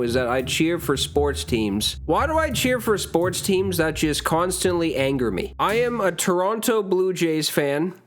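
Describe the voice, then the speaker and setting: Exasperated ranting male vlogger. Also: fairly high pitch. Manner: exasperated, rambling, stammering restarts, swearing. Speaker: channel host. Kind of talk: ranting sports reaction vlog.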